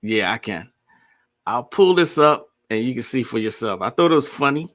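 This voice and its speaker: A man's voice: medium pitch, animated, moderate pace, a bit bright. A man hosting a casual livestream, greeting viewers and chatting. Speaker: host.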